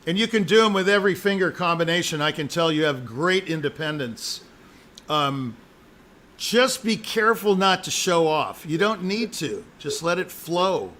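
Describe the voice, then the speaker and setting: A man's voice: a little high, animated, normal speed, fairly bright tone, a little hiss or hum. A man giving a musician live spoken feedback as an audition judge, emphatic and jokey, repeating his points.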